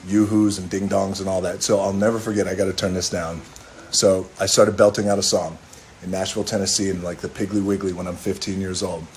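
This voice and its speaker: A man's voice: deep voice, little pitch movement, fairly quick, faint music behind. A middle-aged man casually telling a rambling story on a phone live stream, swearing offhandedly and breaking into bits of song. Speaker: livestream host telling a story. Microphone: phone camera.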